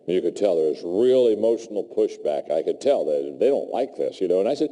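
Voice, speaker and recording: Brief: male keynote speaker, animated anecdotal delivery, warm dark voice, echoing lecture hall. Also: fairly low pitch, fairly quick. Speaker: leadership speaker. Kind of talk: storytelling keynote talk. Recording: long hall reverb.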